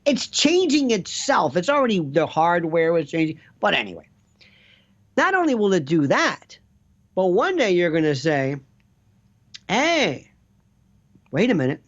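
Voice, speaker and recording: A man's voice: high voice, normal speed, dull audio. A man rambling animatedly as a guest on a casual talk show, jumping between thoughts. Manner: rambling, animated, slips into quoted voices. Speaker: guest commentator. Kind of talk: casual chat.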